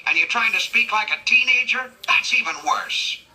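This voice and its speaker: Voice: medium pitch, moderate pace, pushed and bright, low-quality recording. A synthetic voice playing a proud middle-aged male cartoon detective who complains in a huffy, exasperated way. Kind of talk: AI character chat role-play.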